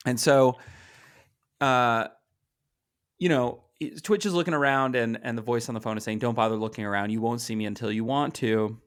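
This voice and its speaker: A man co-hosting a podcast, explaining a comic book's timelines in a chatty, halting way with restarts. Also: mid-range voice, clean tone. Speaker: podcast co-host. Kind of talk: casual comic book discussion.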